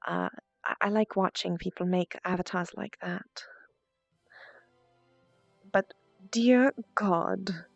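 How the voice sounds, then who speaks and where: A calm, seductive librarian played by a woman in a put-on posh English accent, speaking slowly and smoothly. Her voice carries a faint gravelly edge. The recording is dry and a little dull. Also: fairly low pitch, no room sound, faint music behind, full character voice. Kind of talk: in-character VR role-play.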